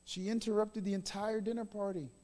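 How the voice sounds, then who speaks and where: A male pastor in his thirties preaching a sermon, swinging between loud emphatic bursts and soft hushed phrases. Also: high-pitched, flat delivery, a little fast. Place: large church hall. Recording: long reverb in a large hall.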